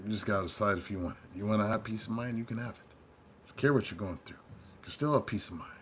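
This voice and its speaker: A man's voice: fairly low pitch, quick pace, a bit bright, a little hiss or hum. A man who reads tarot, talking casually and rambling to his viewers as he tells how he started, with loose asides along the way. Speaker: tarot reader. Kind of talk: casual storytelling monologue.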